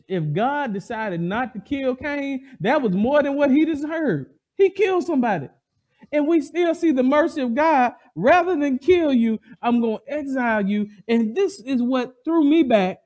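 A high-voiced man preaches with emphatic, animated delivery. He throws questions out to the congregation and answers them himself in call-and-response. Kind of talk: sermon.

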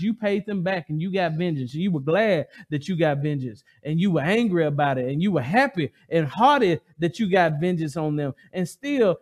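A high-voiced man preaches with emphatic, animated delivery. He throws questions out to the congregation and answers them himself in call-and-response. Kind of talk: sermon.

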